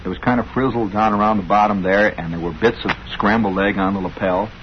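A man's voice: lowish voice, fairly even intonation, brisk. A middle-aged man hosting a radio show, telling a rambling story with wry, sardonic asides. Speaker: radio host. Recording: dull lo-fi old radio broadcast, faint hiss.

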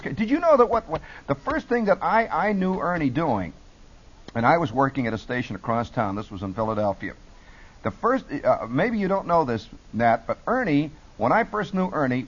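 A middle-aged man telling animated stories about his radio days as a talk show guest. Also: medium pitch, husky. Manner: lively, jumps between put-on radio voices. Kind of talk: animated storytelling. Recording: dull lo-fi broadcast audio.

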